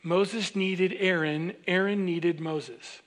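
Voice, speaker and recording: A pastor with a high, light voice preaches slowly in an easygoing, animated, conversational style. He addresses the congregation directly, often checking that they're following, and he acts out other people's voices when quoting them.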